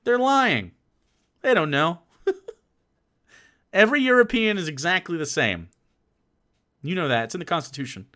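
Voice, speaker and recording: A young man streams live and reacts to a video, delivering sarcastic, rambling rants packed with swearing. His voice sits high and sing-song, at normal speed with a sharp tone and long pauses. It's casual reaction commentary.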